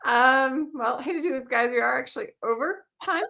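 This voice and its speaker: A woman's voice: high-pitched, vocal fry, pushed and bright. Upbeat woman hosting an interview. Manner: upbeat, quick to laugh. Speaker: host. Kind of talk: casual interview chat.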